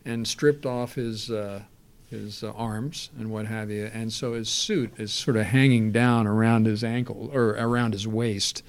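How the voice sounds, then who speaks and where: A man recalling past film work in relaxed, rambling storytelling, full of fillers and restarts. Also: on the low side, unhurried. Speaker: interview guest.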